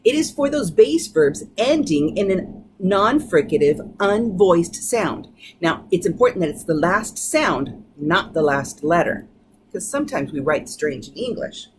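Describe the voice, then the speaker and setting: A woman teaching English pronunciation, modeling each sound slowly and patiently. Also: lowish voice, big pitch swings, slight background noise. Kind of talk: pronunciation lesson.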